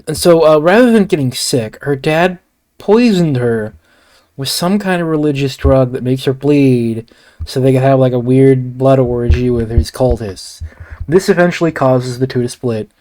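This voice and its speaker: A man's voice: mid-range voice, a little mellow. Rambling, profane male film reviewer. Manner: rambling, profane, frequent restarts and asides. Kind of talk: casual solo review ramble.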